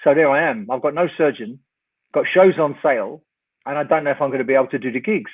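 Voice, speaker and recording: A man's voice: mid-range voice, fast talker. An older man, a guest telling a long anecdote, wryly acting out both sides of the dialogue. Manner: lively raconteur, wry, acts out the dialogue. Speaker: guest, rock singer. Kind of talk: storytelling anecdote in an interview. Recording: tinny phone-like line.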